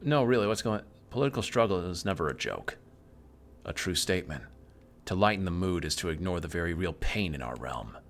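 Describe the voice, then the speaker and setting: A man with a low voice streams a game and reads its narration aloud in an even way. Now and then he breaks into a sudden loud outburst. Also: brisk. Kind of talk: reading game text aloud while playing.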